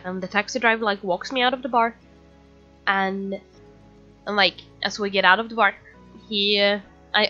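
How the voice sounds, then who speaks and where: A woman's voice: mid-range voice, bright, forceful tone, lo-fi sound. A woman casually telling a personal story, rambling with lots of fillers and restarts. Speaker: storytime video creator.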